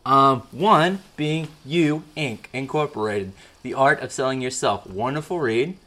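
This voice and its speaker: A man's voice: mid-range voice, measured pace, pushed and bright. A man hosting a solo podcast from a garage, rambling and self-mocking, with jokes. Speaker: podcast host. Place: garage at home. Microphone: old-fashioned recorder.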